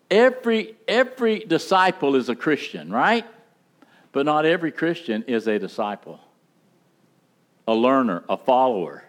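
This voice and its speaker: Male pastor, higher-pitched, emphatic sermon delivery, folksy asides. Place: church sanctuary.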